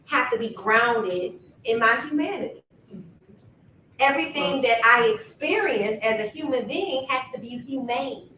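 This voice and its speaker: A woman who helps build schools, giving a measured, reflective answer on a panel and building her point step by step. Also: a little high, animated, bright, forceful tone, slight background noise. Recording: echoey room from a distance.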